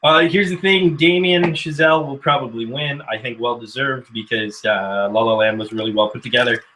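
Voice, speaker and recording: A man's voice: mid-range voice, normal speed, sharp tone, slight background noise, low-quality recording. A man from Canada chatting casually on a film panel, talking freely and laughing often.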